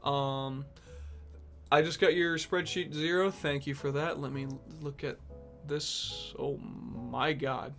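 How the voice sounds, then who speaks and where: A man's voice: on the high side, steady tone, takes it slowly, creaky, a bit bright. Rambling young man reacting to songs. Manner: rambling, thinking aloud, swearing, filler-heavy. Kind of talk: casual music reaction chat. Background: faint music from the songs he plays.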